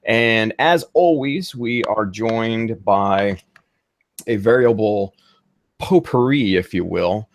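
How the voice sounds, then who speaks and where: Jokey low-voiced male co-host. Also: no echo, clean studio sound. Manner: jokey, rambling with fillers. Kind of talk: casual livestream chat.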